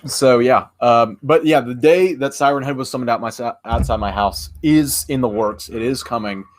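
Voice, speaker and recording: A young man talks casually to his stream audience. He rambles, trails off into fillers and restarts his sentences as he explains things. His voice sits at an ordinary middle pitch. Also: moderate pace. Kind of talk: casual livestream chat.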